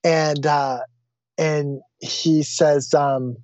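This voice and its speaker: A man who teaches Vedanta, a guest telling a personal anecdote. He tells it lively, acting out the quoted voices and often restarting his sentences. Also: on the high side, slow pace, no room sound, highs cut off.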